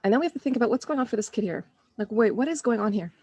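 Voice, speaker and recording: A woman's voice: fairly high pitch, lively intonation, rapid-fire, background noise. A woman, maybe in her thirties, talking earnestly and conversationally to parents in a live online session, often restarting her sentences and acting out her own inner thoughts. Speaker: parenting coach.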